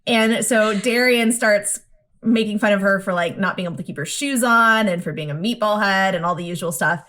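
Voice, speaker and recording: A woman's voice: mid-range voice, normal speed, a bit bright. A woman co-hosting a casual podcast chat, animatedly retelling cartoon scenes and acting out the lines in quoted voices. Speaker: podcast co-host.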